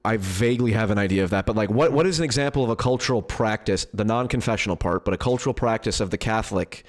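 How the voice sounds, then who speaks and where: A man's voice: lowish voice, quick pace. A man moderating a debate, cutting in to steer it with clarifying questions.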